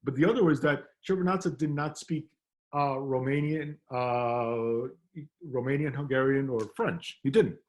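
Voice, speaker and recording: A playwright from Cuba chatting over a video call, wry and self-deprecating. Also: male voice, medium pitch, fairly even intonation, unhurried, a little mellow. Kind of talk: casual video-call chat.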